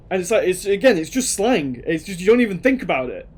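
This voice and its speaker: A man's voice: high-pitched, expressive, a little fast, few pauses, a little mellow. A young British man casually commenting while streaming a game, chatty and rambling as he answers chat. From Britain.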